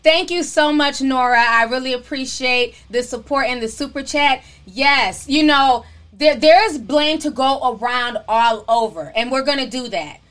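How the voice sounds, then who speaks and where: Woman livestreamer, high voice, bright and sharp, sassy casual talk, calls everyone honey. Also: measured pace. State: coughing. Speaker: livestream host reading super chats.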